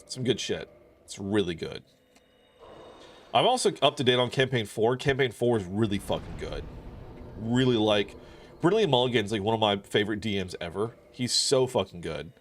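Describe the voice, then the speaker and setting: A male streamer chatting loosely with his viewers while he plays. His voice sits a little low, and he rambles, cursing freely and filling gaps with likes and ums. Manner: rambling, profane, many fillers. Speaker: game streamer. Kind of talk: casual chat while gaming.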